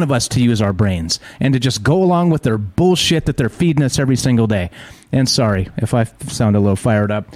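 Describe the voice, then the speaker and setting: A man's voice: mid-range voice, expressive, brisk, a little mellow, no room sound. Fired-up man ranting about the news. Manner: heated, profane, rhetorical questions. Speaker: host.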